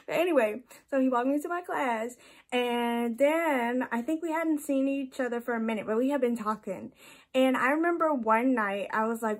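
Speaking at a moderate pace in a voice on the high side, a young woman tells a story on her vlog. Her style is chatty and casual, full of laughter and frequent "likes."

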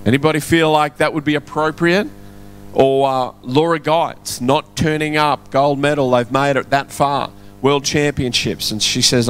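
A man's voice: fairly high pitch, steady tone, moderate pace, a little hiss or hum. A man preaching a sermon in a church, chatty and quizzing the congregation. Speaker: pastor. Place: church hall. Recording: soft music behind.

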